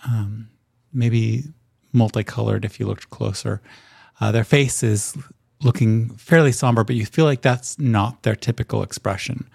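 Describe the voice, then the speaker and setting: A male game master narrating a tabletop game, describing scenes unhurriedly with many ums. His voice has a gravelly edge. The recording is dry and close. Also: on the low side, fairly even intonation, a little slow, a little mellow, dry recording.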